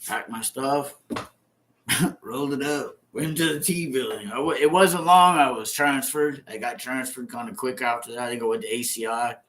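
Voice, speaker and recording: A man's voice: mid-range voice, moderate pace, fairly bright tone, a little hiss or hum. A man in his fifties, a former prisoner telling his own story casually, swearing and acting out the scenes with sound effects. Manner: profane, repetitive, acts out the scenes with sound effects.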